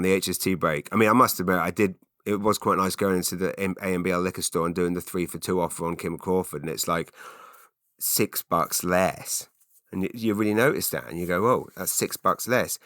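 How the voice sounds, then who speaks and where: A man's voice: lowish voice, fairly bright tone, dry recording, studio quality. A middle-aged man, hosting a rambling solo podcast, full of fillers and restarts. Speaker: podcast host. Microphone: studio mic.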